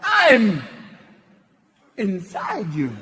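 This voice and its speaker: A man impersonating an eerie male actor who speaks slowly, with halting, oddly stressed phrasing. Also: high-pitched, wildly swooping pitch, full character voice. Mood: intense. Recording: noisy live stand-up venue.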